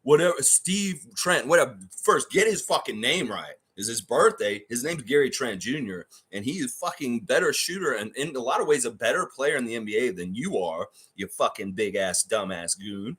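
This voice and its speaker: A man rants on a fan livestream with a husky, slightly rough voice that leaps up and drops low as he talks. He is heated and profane, mocking everything he talks about. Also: lively intonation, moderate pace, hardly any pauses, a bit bright. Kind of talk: ranting fan reaction livestream.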